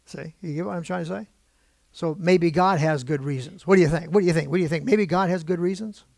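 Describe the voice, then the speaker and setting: A man preaching from the pulpit to his congregation, conversational and openly emotional, often putting questions to the room. His voice sits a bit high with a gravelly edge. The recording is close and dry. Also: fast, darkish tone, no room sound. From United States. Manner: emotional, gets worked up. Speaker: pastor. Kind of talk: sermon. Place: church pulpit.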